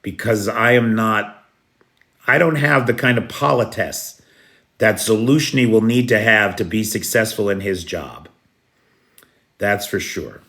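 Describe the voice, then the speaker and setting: A man's voice: fairly low pitch, a little slow, long pauses, sharp tone. A man hosting a casual livestream, thanking viewers by name and answering their comments bluntly. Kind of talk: casual live-stream chat.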